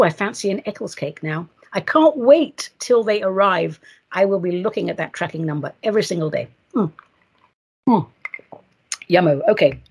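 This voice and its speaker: A woman hosting her own podcast, chatting in a playful, theatrical way and gushing with excitement. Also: mid-range voice, slightly rough. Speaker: podcast host.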